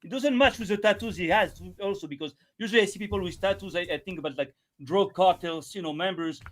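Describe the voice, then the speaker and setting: A man's voice: high-pitched, fast, a bit bright. A man, taunting and stammering through restarts in a heated online debate. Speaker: flat-earther guest.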